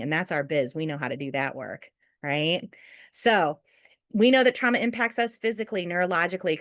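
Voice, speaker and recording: A woman's voice: fairly low pitch, no echo, clean studio sound. A woman leading a school staff training webinar, talking in a chatty way and often asking "right?" to check in with listeners. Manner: chatty, often asks "right?" and acts out quotes. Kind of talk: conversational webinar training talk.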